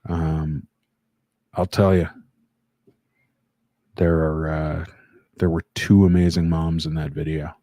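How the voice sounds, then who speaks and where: A man with a low, mellow voice hosts a casual live stream. He speaks slowly and haltingly, with plenty of ums and restarts, and greets chat viewers by name. The sound is dry and close. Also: little pitch movement, no echo. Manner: halting, many fillers and restarts. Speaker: livestream host.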